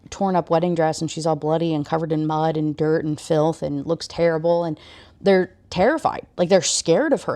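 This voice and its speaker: A woman's voice: fairly low pitch, dark tone. A woman and book reviewer recapping a novel in a casual, enthusiastic way, full of fillers.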